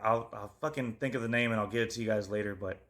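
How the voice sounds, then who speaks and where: A podcast co-host chats loosely about true crime, rambling, swearing a lot and trailing off as he loses his train of thought. His voice is lowish and a bit bright, and he speaks fast.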